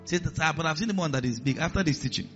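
Male pastor, bright animated preaching voice, slightly muffled recording. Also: fairly high pitch, fast, faint music behind. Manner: animated preaching, acts out voices in the stories, drops to a hiss for commands. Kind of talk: sermon. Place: church hall with a congregation.

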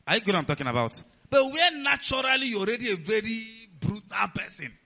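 A man preaching a sermon as pastor of a church, animated and rising to near-shouts. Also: sits high, fast, gravelly. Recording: dull lo-fi sound.

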